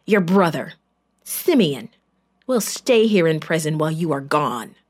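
A woman voicing Joseph, a stern and powerful male governor, in a slow, low, commanding tone. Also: very animated, full character voice.

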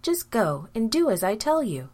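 A woman's voice: on the high side, sing-song, moderate pace, darkish tone, voice pushed up. A woman voicing a determined mother who gives firm orders. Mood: insistent. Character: firm, determined mother scheming for her son.

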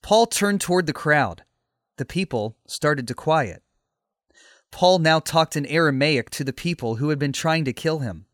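A man narrating a scripted story in a steady, measured way. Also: fairly high pitch, no room sound, clean studio sound.

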